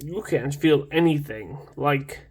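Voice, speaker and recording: A man's voice: a little high, takes it slowly, slightly rough. A young man casually reviewing a knife in a rambling, enthusiastic vlog, full of restarts and fillers.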